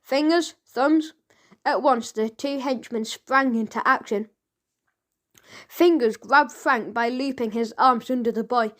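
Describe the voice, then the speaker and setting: A woman narrating a children's audiobook in a lively, expressive storytelling manner. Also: on the high side, a little slow.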